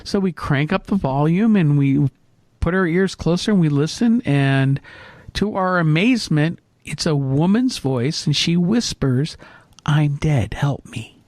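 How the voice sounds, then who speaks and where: A middle-aged man telling a story in casual chat, with lively restarts and fillers. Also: on the high side, a little slow, no echo. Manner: animated anecdote, hesitant fillers. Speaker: co-host.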